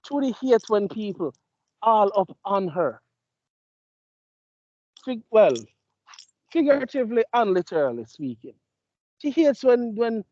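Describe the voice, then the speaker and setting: Male co-host, 30s, laid-back storyteller, animated pitch, dry dull mic. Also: no room sound. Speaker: podcast co-host. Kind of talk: casual chat.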